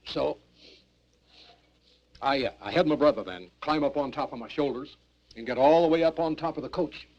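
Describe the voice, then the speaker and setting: A man's voice: medium pitch, a little mellow, husky. An older man telling his story as a hobo in a rambling, folksy drawl full of curses, on muffled 1970s film sound with hiss. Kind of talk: rough storytelling documentary interview. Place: in a cave.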